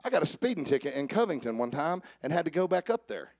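A man preaching a sermon. He jokes with the congregation and swings from soft asides to raised calls. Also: a little high, big pitch swings, fast talker, dry recording, clean studio sound. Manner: joking with the congregation. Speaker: pastor. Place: church service with instrument behind.

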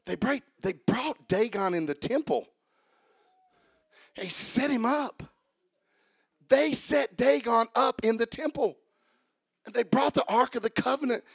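A male preacher with a very high, gravelly voice delivers a sermon. He drops to quiet, conversational asides and then climbs to shouted, chanted peaks while coaching the congregation. The sound is dry and close. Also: no room sound.

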